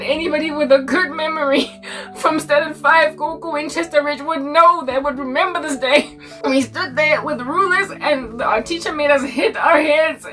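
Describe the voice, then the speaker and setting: A South African woman in her forties telling a school story in a casual, animated, slangy way, laughing often. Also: sits high, recorded from a distance. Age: 40s. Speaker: Christian content creator.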